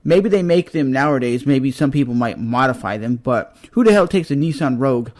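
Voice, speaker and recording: Man, vlogger, ranting monologue, blunt, exasperated, cursing, mid-pitched voice. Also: lively intonation, brisk, a little mellow.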